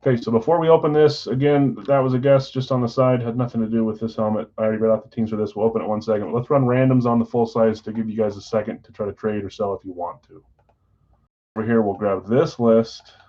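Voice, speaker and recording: A man hosting a live sports card break stream, chatting casually and reading out names and teams in quick lists. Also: lowish voice, fairly even intonation, mellow, dull audio.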